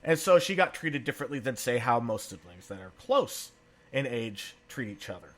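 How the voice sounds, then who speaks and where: A man in his thirties co-hosting a podcast, telling family stories in a relaxed chat and laughing often. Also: medium pitch, normal speed. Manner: animated storyteller, laughs often. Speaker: podcast co-host. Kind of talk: casual conversational storytelling.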